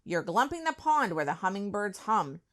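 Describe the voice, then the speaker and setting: A woman's voice: mid-range voice, very animated, normal speed, fairly bright tone, pitched above the performer's own voice. A woman voicing a small, grumpy old male forest creature from a storybook, scolding and indignant.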